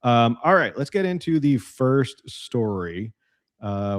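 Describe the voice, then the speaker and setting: A man's voice: medium pitch, normal speed, dry recording, studio quality. A man hosting a live political talk show, joking and sarcastic, with lots of fillers. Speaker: host. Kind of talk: casual political news chat.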